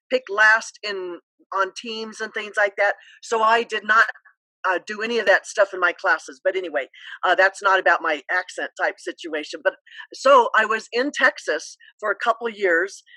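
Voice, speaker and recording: A woman's voice: medium pitch, pushed and bright, dry recording, low-quality recording. A middle-aged woman, a former school counselor, telling a rambling story on a video call and laughing easily.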